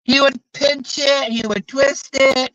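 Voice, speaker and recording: A man with a bright, forceful voice tells stories in a loose, profane and exasperated ramble, full of restarts. The sound is dry and close, with no room around it. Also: very high-pitched, fairly even intonation, slow pace, no room sound, highs cut off. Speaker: streamer. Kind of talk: casual storytelling chat.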